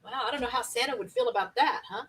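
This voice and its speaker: A woman's voice: a little high, fast, fairly bright tone, recorded from a distance, a little hiss or hum, poor audio. A woman hosting a casual live-stream party game, chatty and laughing often as she reads out viewer comments.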